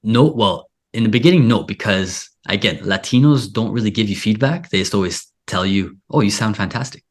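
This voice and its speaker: A man's voice: lowish voice, lively intonation, moderate pace. A man hosting a casual interview, talking in a rambling way full of filler "like". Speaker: podcast host and Spanish teacher.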